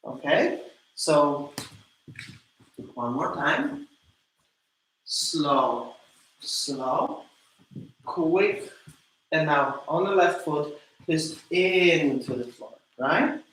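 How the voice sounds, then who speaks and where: Male dance instructor, slow coaxing delivery, mic far off. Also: fairly high pitch, animated, a bit bright, a little hiss or hum. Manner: counts beats aloud, coaxing and encouraging. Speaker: dance teacher. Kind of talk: live online dance class. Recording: echoey room, from a distance.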